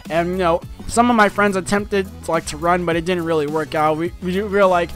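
A man's voice: fairly high pitch, fairly even intonation, brisk, few pauses, a bit bright, clean tone, no room sound, faint music behind. A young man telling a personal story to his viewers in a rambling, casual way, full of fillers and restarts. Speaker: vlogger.

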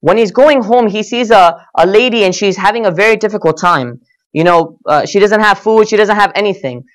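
Speaking briskly in a high voice, a man gives a storytelling sermon at a religious gathering. He is earnest, and his emphasis rises and falls as he voices the quoted lines.

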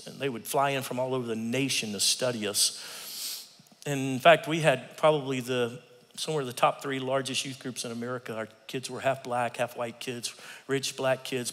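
A man in his fifties preaching a humorous sermon in a church, an animated storyteller who laughs often. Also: medium pitch. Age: 50s. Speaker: guest preacher. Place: church sanctuary. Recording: long reverb of a large hall.

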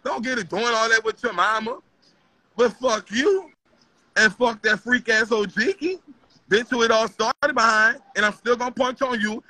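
A woman vents in a confrontational, profane rush. Her voice sits very high and cuts through sharp and tense. The sound is close and dry, with no room around it. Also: normal speed, no room sound, low-quality recording. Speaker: caller on a live stream. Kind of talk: heated social media rant.

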